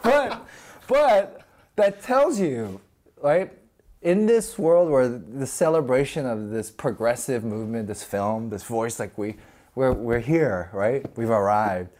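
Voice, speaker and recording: A middle-aged man chats as an interview guest, his pitch leaping up and down with lively energy. He acts out the people in his stories and laughs a lot as he talks. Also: takes it slowly. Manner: animated, acts out voices, laughs often. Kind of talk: casual storytelling interview.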